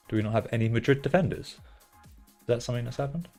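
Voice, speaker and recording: A young British man chatting casually on a live stream, reacting loudly to results and bursting into cheers and swearing. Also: mid-range voice, fast talker, long pauses, soft background music. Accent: British English. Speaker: streamer hosting a fantasy football stream. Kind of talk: casual live-stream chat, reading out chat messages.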